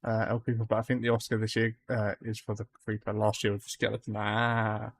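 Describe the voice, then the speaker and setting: A man's voice: on the low side, monotone, a little fast, slight background noise. Chatty male gamer streaming with faint clicks. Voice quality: says his accent can be hard to understand. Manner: chatty, greets viewers by name, frequent ums. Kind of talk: casual live-stream chat.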